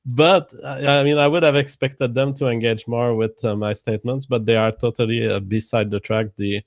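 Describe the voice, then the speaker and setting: A man with a mid-pitched voice, talking haltingly in a casual livestream chat and stopping often on "uh" and restarts. The recording is dry and close. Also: fairly even intonation, dry recording. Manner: halting, full of "uh" pauses and restarts.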